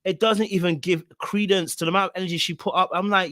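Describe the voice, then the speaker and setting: A man commenting off the cuff in a fairly high voice, emphatic and blunt, leaning on slang and repetition. His sound is close and completely dry. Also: fairly even intonation, quick pace, sharp tone, dry recording. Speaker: reaction commentator. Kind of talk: casual reaction commentary.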